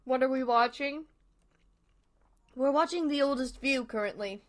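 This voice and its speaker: Soft-spoken woman chatting on a live stream. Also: sits high, measured pace. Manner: chatty, soft-spoken, rambling, with small laughs. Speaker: livestream host. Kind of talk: casual live commentary while watching a video. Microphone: desk microphone close up.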